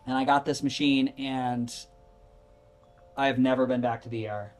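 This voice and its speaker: Middle-aged guy on a podcast, rambly, keeps restarting sentences, gets animated, normal pitch. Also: normal speed, faint music behind. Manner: rambling, self-correcting, animated. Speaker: podcast guest. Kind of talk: candid conversational storytelling.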